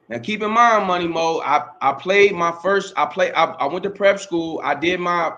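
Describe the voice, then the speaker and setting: Bright-voiced man telling a rambling story. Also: fairly high pitch, a little hiss or hum. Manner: rambling, repeats himself, slangy and profane. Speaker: podcast host telling his story as guest. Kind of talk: casual storytelling interview.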